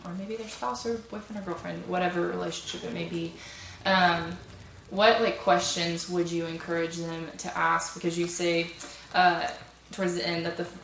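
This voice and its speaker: A woman's voice: on the low side, creaky, a bit bright. A woman on a thesis panel asking the student rambling, thoughtful questions with many ums, speaking into a microphone handed around a school room. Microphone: passed microphone. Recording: roomy, distant, noisy room sound.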